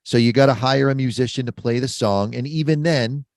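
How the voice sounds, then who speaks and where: A man's voice: mid-range voice, brisk, no room sound, clean studio sound. A man hosting a casual podcast chat, explaining things in a confident, practical way. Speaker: podcast host. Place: mobile studio.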